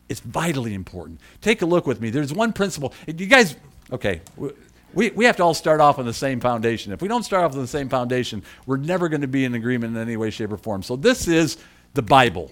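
A middle-aged man preaching a sermon as pastor, telling a personal story with enthusiasm and frequent repeats. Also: mid-range voice.

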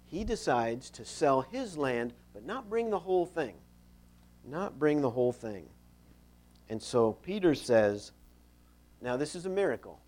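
A male preacher giving a sermon in a relaxed, conversational tone. He tells the story plainly and leans hard on key words. His voice sits at an ordinary middle pitch. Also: measured pace.

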